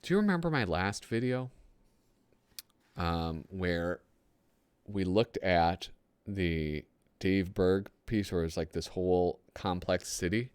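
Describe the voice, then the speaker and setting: A man with a low voice that jumps around a lot, reading old magazine gags aloud in casual comedic commentary. He chuckles often and makes self-deprecating asides, recorded in a dry, close space. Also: animated, slow pace, pauses often, clean tone, no echo.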